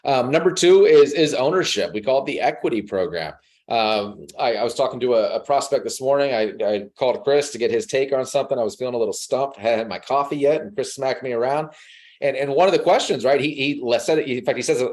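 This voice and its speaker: Man, sales call host, animated delivery, voices the people in his stories, video call audio. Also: mid-range voice, quick pace. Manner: animated, acts out conversations with changed voices. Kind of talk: energetic motivational sales talk.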